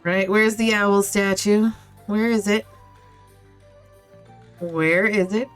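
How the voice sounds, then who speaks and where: A woman's voice: mid-range voice, steady tone, slow pace, clean tone, faint music behind. A woman streaming a video game, chatting casually, reacting aloud and swearing now and then. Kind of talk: casual live-stream commentary.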